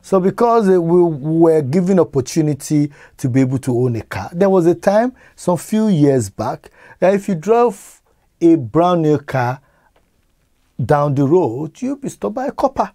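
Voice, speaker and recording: A man's voice: on the high side, big pitch swings, a little slow, warm tone, no room sound, studio quality. A man with a Nigerian-British accent, an interview guest talking earnestly and with emphasis, often repeating words as he starts a thought. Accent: Nigerian-British English. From England. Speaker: interview guest, community organizer. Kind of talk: live-stream interview.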